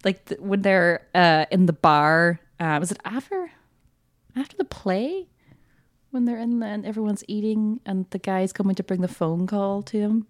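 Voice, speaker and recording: A woman's voice: mid-range voice, lively intonation, moderate pace. A woman co-hosting a podcast, chatting enthusiastically about a film with frequent laughter. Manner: chatty and enthusiastic, laughs often, many fillers. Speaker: podcast co-host. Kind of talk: casual film discussion.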